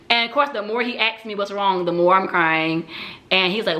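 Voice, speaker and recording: A woman with a medium-pitched, sharp voice speaks briskly as she recounts a personal experience. It's a candid, reflective testimony, peppered with frequent "um"s.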